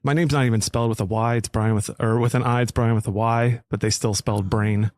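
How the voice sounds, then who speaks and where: A man's voice: medium pitch, fairly even intonation, quick pace, a little mellow, no echo. A man guesting on a casual podcast, friendly, chatty and laughing easily.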